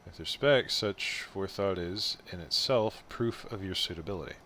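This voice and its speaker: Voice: deep voice, moderate pace, a bit bright, a little hiss or hum. Man reading a courtly fantasy adventurer. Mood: polite. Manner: courtly, old-fashioned phrasing.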